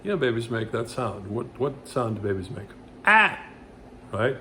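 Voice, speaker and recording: A man teaching vocal exercises in a loose, rambling way, with many restarts and loud sung vowel demonstrations. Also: lowish voice, a little fast, a little hiss or hum. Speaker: vocal coach. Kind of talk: casual vocal lesson with demonstrations.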